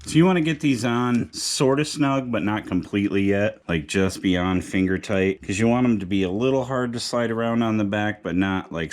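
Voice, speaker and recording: A man with a very low voice talks through a guitar repair in a relaxed, joking, slangy way, like explaining it to a buddy. Faint clicks of tools sit behind his voice. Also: slight background noise. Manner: laid-back, joking, slangy. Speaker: guitar repair video host. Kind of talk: casual how-to narration.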